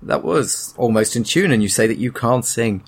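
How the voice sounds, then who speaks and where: A man hosting a podcast, talking in a dry, sardonic way with unhurried hesitations. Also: medium pitch, animated, husky. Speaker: podcast host. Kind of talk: casual chat.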